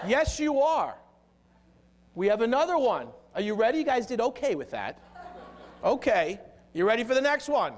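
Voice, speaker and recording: A man's voice: extremely high pitch, big pitch swings, normal speed, a little hiss or hum. A middle-aged man giving a motivational keynote to a live audience, energetically leading the crowd in chanted affirmations. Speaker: keynote speaker. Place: conference hall with a live audience.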